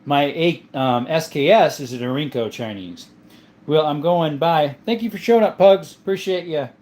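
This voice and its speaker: A man's voice: a little high, animated, normal speed, darkish tone. Friendly man chatting on a livestream. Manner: friendly, answers viewer questions about his gun collection; often says "my friend" and "mate". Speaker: livestream host reading chat. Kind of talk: casual livestream chat.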